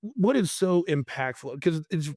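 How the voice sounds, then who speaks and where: A man's voice: fairly high pitch, lively intonation, unhurried, darkish tone, no room sound, clean studio sound. Hesitant male podcast host. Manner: searching, hesitant phrasing. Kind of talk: casual interview questions.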